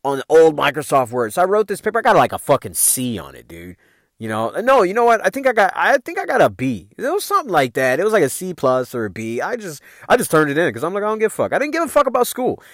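A man hosting a podcast, spinning childhood stories in a lively, swooping voice with plenty of cursing and slang. His voice sits a bit high for a man. The sound is dry and close, with no room around it. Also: quick pace, dry recording. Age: adult parent. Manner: profane, animated, loose street slang. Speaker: podcast host. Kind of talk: casual storytelling.

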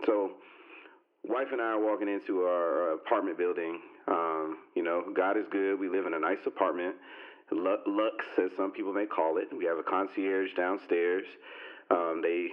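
Man telling a story over a tinny line. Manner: animated, acts out quoted voices with sharp pitch jumps. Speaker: podcast guest telling a story. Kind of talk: casual storytelling in a group conversation. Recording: tinny phone-like sound.

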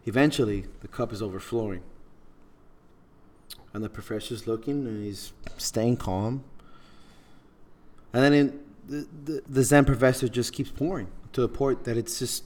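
A man's voice: mid-range voice, moderate pace, darkish tone. A man hosting a podcast, telling a story in an earnest, heartfelt way with frequent repeats. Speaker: podcast host. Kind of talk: casual podcast talk.

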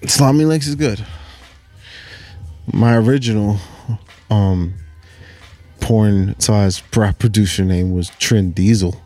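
A man's voice: lowish voice, warm tone, faint music behind. A man co-hosting a podcast, chatting casually and laughing a lot. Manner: joking, quick to laugh. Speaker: podcast co-host. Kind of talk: casual chat. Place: parked car in the rain.

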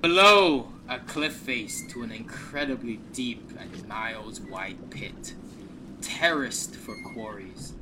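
Slow, measured man narrating a game. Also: on the low side, noisy background. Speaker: game master. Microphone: online call.

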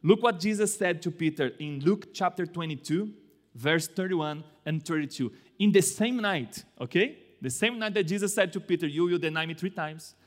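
Male pastor, high voice, unhurried sermon, long echo of a church hall. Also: lively intonation. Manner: slow, deliberate delivery with dramatic swings in pitch and loudness.

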